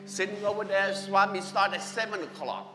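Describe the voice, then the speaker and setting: A man giving a personal testimony at church, animated and acting out conversations, speaking English with non-native grammar. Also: sits high, moderate pace. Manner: animated, acts out dialogue with his wife. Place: church hall. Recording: echoey hall with music behind.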